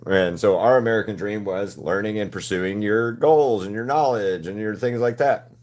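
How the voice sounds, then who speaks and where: Streaming artist, young adult man, slightly low voice, rambling and swearing casually as he works. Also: normal speed, darkish tone. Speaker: artist livestreaming a painting session. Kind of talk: casual chat while painting.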